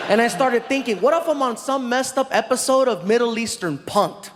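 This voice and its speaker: A man in his thirties from the United States, telling a story on a theater stage, animated and shouting as he acts out characters. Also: extremely high pitch, brisk, few pauses. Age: 30s. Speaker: stand-up comedian. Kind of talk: stand-up comedy storytelling. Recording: live comedy venue with long reverb and faint noise.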